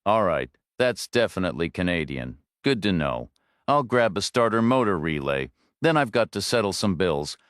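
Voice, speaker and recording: A man voicing a warm, helpful male mechanic on the phone, speaking apologetically. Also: deep voice, very animated, moderate pace, no room sound, clean studio sound. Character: friendly Eastern European male mechanic on phone.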